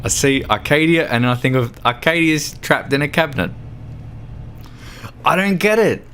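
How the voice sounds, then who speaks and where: A man's voice: fairly high pitch, lively intonation, normal speed, fairly bright tone, a little hiss or hum. A drunk Australian man livestreaming a game, chatting in a rambling, sweary, giggly way. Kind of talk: casual chat while gaming.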